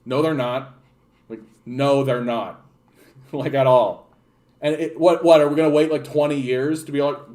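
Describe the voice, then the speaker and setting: A man's voice: medium pitch, fairly even intonation, unhurried, a little mellow. A young Canadian man ranting in a political vlog, rambling and sarcastic, with frequent swearing and restarts. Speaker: political commentator.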